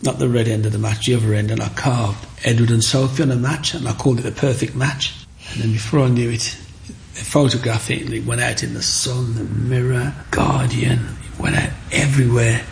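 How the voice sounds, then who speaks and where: A middle-aged man tells his story to an interviewer. His voice is deeply gravelly, with a lot of rough fry under the words. He talks in a chatty, animated way and slips into other people's voices when he quotes them. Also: brisk, slight background noise. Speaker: guest, micro-sculptor.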